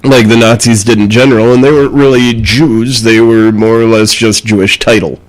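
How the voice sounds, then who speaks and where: A man's voice: mid-range voice, fairly even intonation, a little fast, poor audio. A man co-hosting a podcast in casual banter, rambling, laughing often and acting out quotes. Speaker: podcast co-host.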